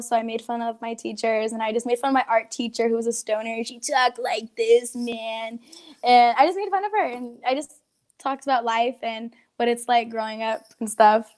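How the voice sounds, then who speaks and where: Teen girl comedian, high voice, giggly, rambling interview chat. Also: darkish tone. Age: teens. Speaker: young comedian guest.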